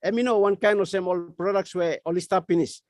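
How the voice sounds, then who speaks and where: Papua New Guinean man, high voice, dry close sound, earnest webinar pitch. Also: steady tone, brisk, dry recording. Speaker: webinar speaker. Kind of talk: motivational pitch in Tok Pisin. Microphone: video call.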